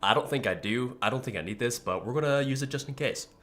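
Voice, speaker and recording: A young man streaming a video game in a relaxed, rambling way, with a groggy morning voice, often clearing his throat. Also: medium pitch, fast talker, slight background noise. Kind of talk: casual live-stream chat.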